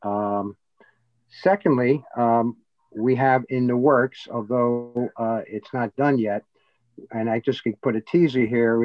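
A man speaks at a middle pitch in a casual interview, wandering through his sentences with frequent fillers and false starts. He sounds slightly out of breath. The audio is muffled and lo-fi, with no room echo at all. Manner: rambling, many fillers and restarts. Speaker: guest, entertainment producer. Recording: dull, dry lo-fi audio.

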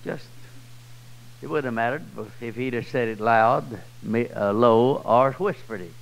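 A man with a Southern US accent preaching a sermon, swinging from loud, high cries to low, quiet passages. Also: measured pace, creaky, rough recording. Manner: swells loud and high then drops low and soft. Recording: old 1990s church tape.

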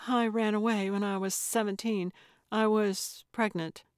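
A woman voicing a frightened, guarded younger woman, raising her voice high in tense questions. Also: fairly even intonation, a little slow, no echo, studio quality, natural voice. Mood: tearful.

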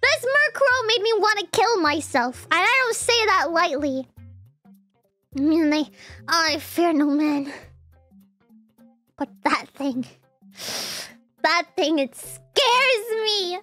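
A woman's voice: extremely high pitch, expressive, takes it slowly, pauses often, sharp tone, faint music behind. A woman streamer chatting casually on a livestream, giggly and teasing, laughing often.

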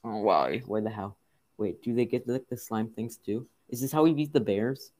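A young man giving frustrated gameplay commentary, muttering to himself and breaking into loud exasperated outbursts. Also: lowish voice, normal speed. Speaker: gaming video creator.

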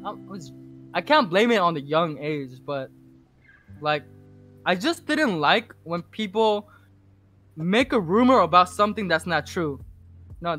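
A man being interviewed as a podcast guest, telling a casual story full of swearing and restarts. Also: sits high. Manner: rambling, heavy swearing, animated retelling.

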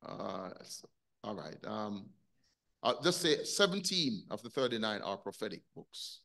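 A man's voice: on the low side, very animated, a little slow, vocal fry, a bit bright. A man teaching a Sunday school lesson over a video call, talking conversationally and putting questions to his class.

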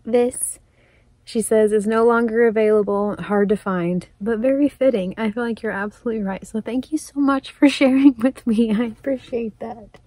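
A woman gushes and laughs her way through opening gifts in a casual crafting vlog. Her voice is soft-edged and husky with a mellow, dark tone. The sound is dry and close to the mic. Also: on the high side, moderate pace, no room sound. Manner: excited, gushing, laughs often. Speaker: crafting vlogger. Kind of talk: casual unboxing chat.

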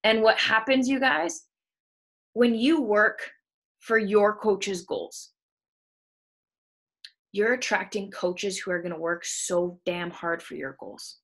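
A woman's voice: medium pitch, slow pace, long pauses, a bit bright. A woman leading a motivational team call, hyped and cheering her team on, swearing freely, from a room at home. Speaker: team leader of a coaching team. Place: room at home with the window open.

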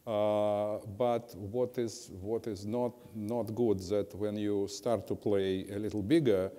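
An older man coaching a pianist, blunt and instructive as he corrects the playing. His voice is mellow and warm. It rings with a long reverb in a large hall. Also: on the low side, measured pace. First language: Russian. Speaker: piano teacher. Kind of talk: master class coaching. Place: music school hall with a piano.

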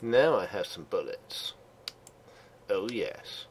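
An older man hosting his own gaming channel, giving casual commentary while he plays at his home computer, chatty and quick to laugh. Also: lowish voice, lively intonation, slight background noise. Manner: chatty and laughs easily, gets loud and sweary in action.

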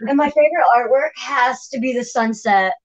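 A woman's voice: high voice, moderate pace, dull audio. A woman viewer introducing herself and thanking the teacher, shy and stammering. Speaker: class viewer.

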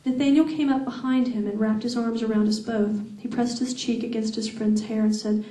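A woman reading her first-person novel aloud at a live event, in a steady, expressive voice. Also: on the high side, moderate pace. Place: event hall. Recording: echoey room, far from mic.

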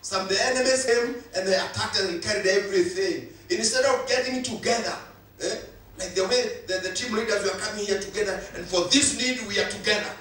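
A man's voice: high voice, fairly quick, a bit bright, slight background noise. A male pastor, preaching a sermon with emphatic repetition. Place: church hall. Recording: echoey hall, voice from far off.

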